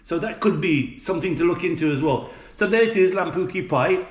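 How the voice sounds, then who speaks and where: Expressive and a little fast, a high-sitting male voice carries a casual cooking vlog from a home kitchen. The middle-aged vlogger is from England, speaks with an English accent, restarts and uses fillers a lot, and the sound is roomy.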